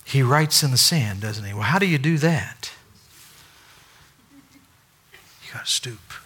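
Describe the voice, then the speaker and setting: A male pastor preaching a sermon, swinging between loud, acted-out dialogue and hushed asides. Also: mid-range voice, lively intonation, normal speed, breathy edge.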